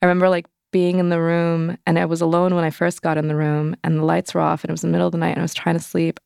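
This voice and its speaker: Young woman w/ a gravelly low voice, candid, says like a lot, dry recording. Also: completely flat delivery, fast, a little mellow, dry recording. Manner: candid, frequent "like" fillers. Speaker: interview guest. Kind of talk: personal storytelling interview.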